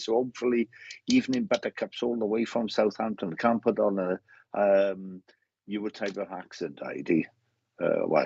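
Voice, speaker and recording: A middle-aged Welsh man with a low, husky voice hosts a live mediumship session, greeting people one after another in a chatty way. The sound is dry and a little dull. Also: darkish tone, no echo. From Wales.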